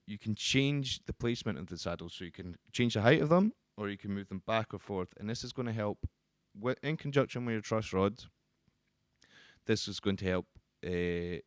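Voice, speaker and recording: This is casual guitar instruction from a man whose voice is clear, smooth, and somewhat low. He speaks loosely, with filler ums and restarted phrases, and the recording is close and dry, lacking any echo or surrounding room.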